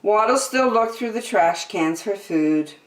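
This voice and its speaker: A woman reading a children's picture book aloud with slow, expressive delivery. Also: medium pitch. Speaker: children's storyteller. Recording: roomy, from a distance.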